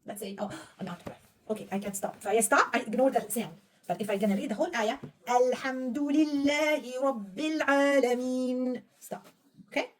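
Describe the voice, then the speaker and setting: A woman's voice: medium pitch, racing, a bit bright, husky, far from the mic. A woman teaching a young pupil to read Arabic, patiently quizzing her and praising right answers. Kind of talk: one-on-one reading lesson.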